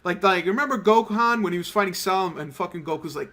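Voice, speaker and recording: Rambling profane young gaming commentator. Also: male voice, sits high, fast talker, hardly any pauses, a bit bright. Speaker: gaming channel host. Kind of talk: casual let's-play commentary.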